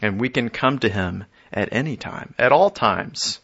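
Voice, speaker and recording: A man preaching a conversational sermon. He often restarts and repeats his words and chuckles softly. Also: medium pitch, animated, measured pace, creaky. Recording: dull lo-fi audio.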